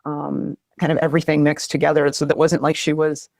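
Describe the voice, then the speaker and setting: A woman's voice: deep voice, completely flat delivery, a little fast, gravelly, a little mellow, no room sound, clean studio sound. A woman earnestly recounting a near-death experience, often searching for words. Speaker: guest telling a near-death story. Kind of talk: emotional personal testimony.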